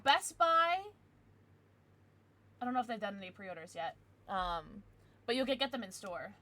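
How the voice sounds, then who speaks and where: A young adult woman streamer chatting casually with her viewers, with excited outbursts. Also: medium pitch, moderate pace. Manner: chatty, answers viewers, bursts of excited squeals. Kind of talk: casual live-stream chat.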